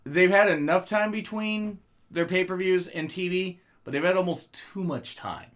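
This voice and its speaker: Here the podcast co-host's voice is high and a bit bright, delivered at an ordinary pace. His wrestling banter is laid-back and full of swearing, and he keeps laughing at his own jokes.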